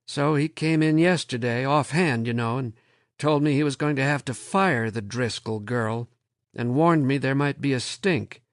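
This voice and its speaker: A man's voice: medium pitch, moderate pace, no room sound, studio quality, close to an everyday voice. A man voicing an anguished middle-aged department head, pleading with rising urgency. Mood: wry.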